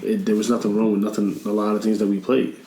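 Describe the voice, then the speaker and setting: A man's voice: fairly low pitch, quick pace. Laughing man in an echoey room. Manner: laughs often, animated storytelling. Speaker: podcast guest. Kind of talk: casual chat.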